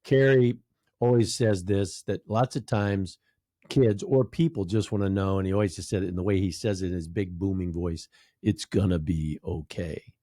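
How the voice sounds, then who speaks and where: A male interview host with a lowish, mellow and relaxed voice. He affirms his guest warmly in tone and builds on points with stories. The recording is dry and close. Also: normal speed, dry recording. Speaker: podcast host. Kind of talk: conversational interview hosting.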